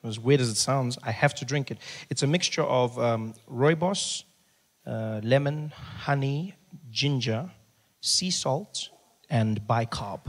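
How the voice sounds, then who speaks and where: A man telling stories in a stand-up set and bantering with the audience, animated. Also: mid-range voice, slow. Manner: animated storytelling, banters with the crowd. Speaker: stand-up comedian. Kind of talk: stand-up comedy. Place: theatre stage.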